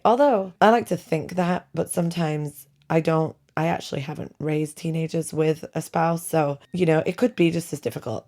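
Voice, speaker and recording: Chatty single mom with a gravelly voice. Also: female voice, fairly low pitch, darkish tone. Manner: chatty, self-deprecating, laughs often. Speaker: podcast host. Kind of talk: casual chatty podcast monologue. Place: her bedroom at home. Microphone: home podcast mic.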